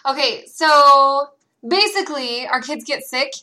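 A woman in her thirties co-hosting a casual parenting chat, telling lively stories about her kids. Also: sits high, measured pace. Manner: animated storyteller, acts out her kids' voices. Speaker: podcast co-host.

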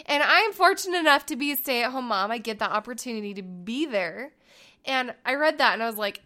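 High-pitched mom in her 30s chatting on a podcast, acts out everyone's voices, super animated. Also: brisk. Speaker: podcast co-host. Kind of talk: casual chat.

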